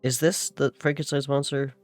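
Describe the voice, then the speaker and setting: A man's voice: mid-range voice, little pitch movement, normal speed, soft background music. A man reading a classic novel aloud on stream, often tripping over words and correcting himself. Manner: stumbles and corrects himself mid-sentence while reading. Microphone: streaming setup microphone.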